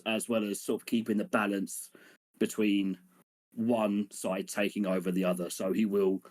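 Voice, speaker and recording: A man playing a tabletop game, describing his character haltingly with lots of "sort of" and "um". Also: on the low side, darkish tone. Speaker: player.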